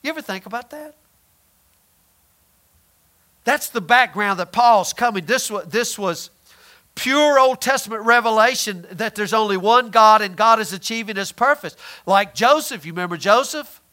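A man delivers a sermon in a high, ringing voice. He is emphatic, swinging from loud declarations to hushed asides, and acts out the people in his retellings. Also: lively intonation, normal speed. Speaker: preacher.

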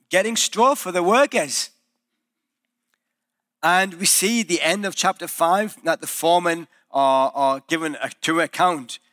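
A high-pitched male pastor delivers a church sermon, narrating the story vividly and performing the voices of the people he quotes.

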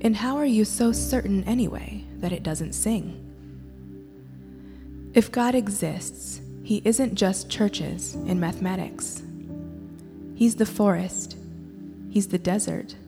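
A woman slowly reading a poem aloud in a measured way at a church gathering. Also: mid-range voice. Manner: slow, measured recitation. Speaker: poetry reader. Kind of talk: poetry reading. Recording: reverberant church hall, faint music.

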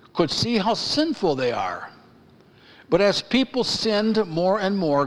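A man preaching a sermon as pastor, getting excited, raising his voice and pounding the pulpit. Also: sits high. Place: church sanctuary. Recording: church hall with long reverb.

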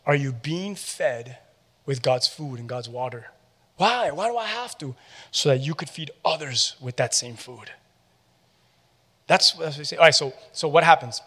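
A pastor preaching a sermon with animated call-and-response questions to his congregation. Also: a little high, breathy edge. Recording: long hall reverb.

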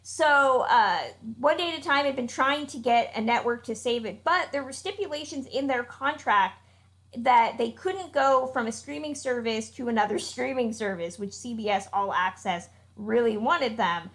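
A woman's voice: on the high side, moderate pace, a bit bright. A woman co-hosting a podcast in casual, opinionated chat, talking bluntly and swearing freely. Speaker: podcast co-host.

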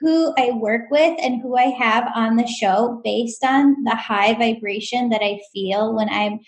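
A woman's voice: a little high, measured pace, rough recording. A woman hosting a spiritual podcast, gushing with earnest praise for her guest. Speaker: podcast host.

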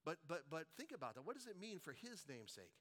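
A middle-aged male preacher with a high, bright and ringing voice. He delivers a sermon in a storytelling way, often checking in with the congregation with quick rhetorical asides. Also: big pitch swings. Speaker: pastor.

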